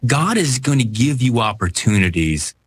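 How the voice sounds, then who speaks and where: A man's voice: medium pitch, sing-song, moderate pace, husky, no echo. A man hosting a radio interview, talking in an earnest, conversational way. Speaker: radio host.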